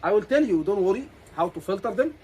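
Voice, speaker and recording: A man's voice: high-pitched, lively intonation, fast, darkish tone, slight background noise, poor audio. A man with an Egyptian accent teaching a class as an exam tutor, asking questions and repeating key words.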